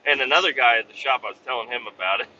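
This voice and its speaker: Foul-mouthed trucker with a sharp voice. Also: male voice, mid-range voice, rapid-fire. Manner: profane, heavy swearing, exasperated storytelling. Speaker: truck driver. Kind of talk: casual driving vlog rant. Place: inside a moving truck cab. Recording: dull lo-fi recording with road noise.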